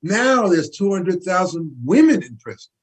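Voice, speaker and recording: A man's voice: sits high, very animated, moderate pace, husky, low-quality recording. An older man, a guest activist, speaking with emphatic, preacherly fervor in an interview, repeating figures for effect. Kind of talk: impassioned interview talk.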